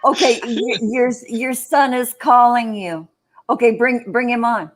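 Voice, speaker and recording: An older woman co-hosting a casual live-stream chat, teasing and bawdy with quick asides. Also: on the high side, fairly even intonation, a little hiss or hum. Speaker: co-host.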